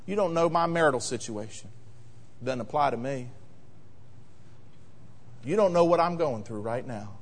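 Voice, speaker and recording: A pastor voicing a troubled, defensive churchgoer. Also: male voice, mid-range voice, expressive, moderate pace, pauses often, in a large hall, pitched below the performer's own voice, close to an everyday voice. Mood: objecting. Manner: pleading, defensive objections. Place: church sanctuary.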